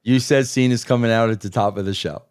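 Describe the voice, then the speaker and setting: A man's voice: mid-range voice, fairly even intonation, fast talker, darkish tone, clean tone. Emphatic man, repeating for effect. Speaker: podcast co-host, former wrestling writer. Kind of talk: casual wrestling talk.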